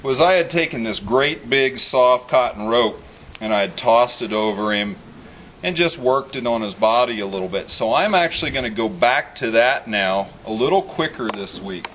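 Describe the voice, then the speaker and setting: A man working as a horse trainer, explaining each step calmly and soothing the animal with repeated praise as he works in an outdoor pen. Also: mid-range voice, moderate pace, distant mic, rough recording. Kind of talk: instructional commentary while working. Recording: outdoors with loud insect noise.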